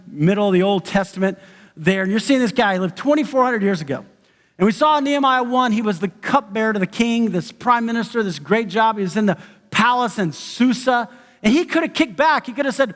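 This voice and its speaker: A man's voice: sits high, a little fast, a bit bright. A man preaching a conversational sermon as pastor, who acts out the voices of the people he quotes. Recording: church sanctuary with long reverb.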